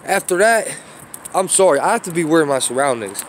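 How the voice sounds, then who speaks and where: A man's voice: on the high side, animated, quick pace, slight background noise. A man vlogging outdoors on a city street while walking, telling a long story in a rambling, profane way with apologetic asides, recorded on a phone. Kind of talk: casual rant while walking.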